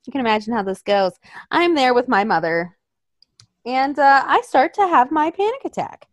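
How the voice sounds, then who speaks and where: A woman's voice: high voice, sing-song, moderate pace, no echo, clean studio sound. A young woman telling a story in casual chat, swearing often and acting out quotes in voices.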